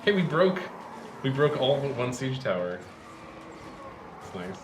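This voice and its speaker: A man talks through a strategy game in a loose, joking way, often breaking into laughs. His voice sits in the middle of the male range. The recording is roomy and echoey, with steady noise behind him. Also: mid-range voice, unhurried. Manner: wry, chatty, laughs easily. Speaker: let's play host. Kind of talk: casual gameplay chat.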